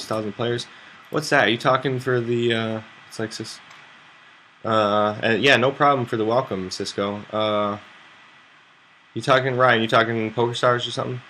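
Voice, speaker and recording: A man's voice: medium pitch, fairly even intonation, moderate pace, pushed and bright, a little hiss or hum. A man from the United States streaming online poker, rambling and thinking aloud about his hands with self-mocking asides. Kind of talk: live game commentary.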